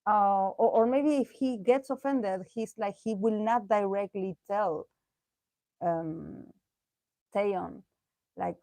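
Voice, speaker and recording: A woman talks through a tarot reading in a loose, chatty way, laughing often and restarting her sentences. Her voice sits at a middling pitch and is recorded close and dry, with almost no room sound. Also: slow, warm tone, no echo. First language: Spanish. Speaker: tarot reader. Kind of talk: casual tarot reading commentary.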